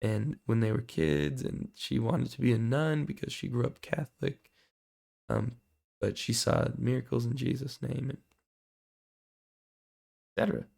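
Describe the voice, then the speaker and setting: Young man, mid pitch, very gravelly, hoarse, earnest testimony storyteller. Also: measured pace, long pauses. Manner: earnest, excitable storytelling with fillers. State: voice going hoarse. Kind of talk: personal faith testimony.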